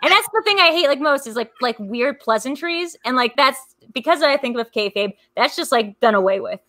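A woman guest chatting casually, rambling and full of fillers as she tells animated stories. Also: high-pitched, brisk, no echo. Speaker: podcast guest. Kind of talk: casual chat. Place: lives in New York.

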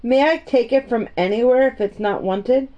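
A woman's voice: fairly high pitch, normal speed, natural voice. A woman doing an anxious little girl. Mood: earnest. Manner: anxious, tremulous pleading. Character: timid, earnest little orphan girl. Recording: dull, muffled audio.

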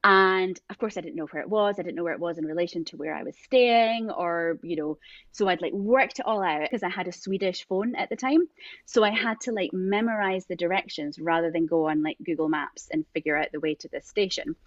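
Woman, scottish accent that drifts, lively storyteller, dry close sound, slightly dull. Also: lowish voice, a little fast, dry recording. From Scotland. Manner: animated storyteller, acts out voices. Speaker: podcast guest. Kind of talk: casual chat.

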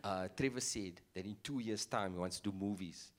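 A man with a South African accent performing a stand-up set, animated and playful with mocking asides. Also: fairly low pitch, normal speed. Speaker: stand-up comedian.

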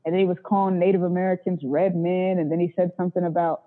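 Fast-talking and flat in delivery, with a voice on the low side, this woman is an interview guest describing her phone sex work. Her casual, candid stories are blunt and full of profanity, and she acts out callers' voices; the sound is tinny and phone-like.

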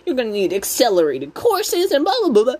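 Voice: mid-range voice, huge pitch swings, fairly quick, a little mellow, pitched above the performer's own voice. A speaker voicing a stern, snobbish middle-aged mother who scolds in a haughty, bossy way.

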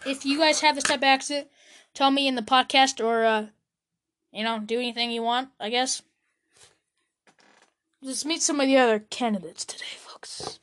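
A young woman hosts a podcast in a casual, joking way, laughing often as she comments. Her voice sits a little high. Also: normal speed, pauses often, fairly bright tone. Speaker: podcast host reacting to a debate. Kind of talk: casual chat.

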